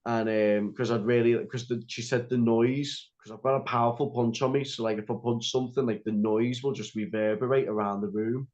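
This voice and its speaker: A man's voice: medium pitch, fairly even intonation, a little fast, hardly any pauses, a little mellow. A young man telling a story as a podcast guest, rambling with lots of "like" and restarts. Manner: rambling, heavy use of "like" and restarts. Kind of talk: casual storytelling interview. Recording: slightly dull lo-fi audio.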